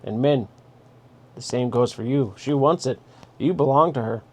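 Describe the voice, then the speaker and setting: A man's voice: mid-range voice, normal speed, a little mellow, breathy edge. Blunt man handing out advice. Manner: blunt, direct, giving orders. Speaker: host. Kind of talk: casual spoken advice monologue.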